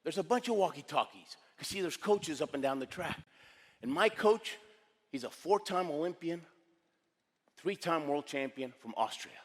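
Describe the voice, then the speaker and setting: A man in his sixties delivering a motivational keynote with punchy, dramatic storytelling. His voice sits a little high for a man, and it rings with a long reverb from a large hall. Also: a bit bright.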